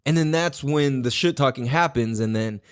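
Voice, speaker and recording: A man hosting a podcast in casual chat, swearing freely and jumping up into a higher voice to act out what others said. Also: normal speed, clear, resonant tone, no room sound, clean studio sound. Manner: animated, swears a lot, acts out quotes in a higher voice. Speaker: podcast host.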